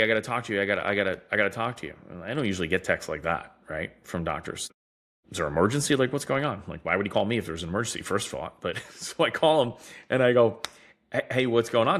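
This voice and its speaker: Lowish-voiced guy on a podcast, telling stories fast and lively, doing little voices for the doctors. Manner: animated storyteller acting out quoted doctors. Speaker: guest, device innovator. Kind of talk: casual storytelling in a podcast interview.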